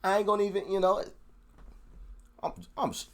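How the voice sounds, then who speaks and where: A man talks to his viewers in loose, casual commentary as he reacts. His voice sits a little high, and he gets excitable, often repeating words as he goes. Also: moderate pace, pauses often. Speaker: reaction video host.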